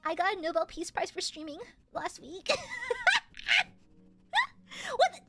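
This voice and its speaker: A woman streamer in casual livestream chat, reading donations with melodramatic mock suffering and yelling at her chat. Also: very high-pitched, steady tone, a little fast, faint music behind.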